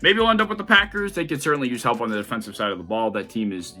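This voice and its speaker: A young man hosting a casual football opinion video, talking in a rapid, animated rush with blunt language and the odd swear. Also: medium pitch, faint music behind. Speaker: sports video host.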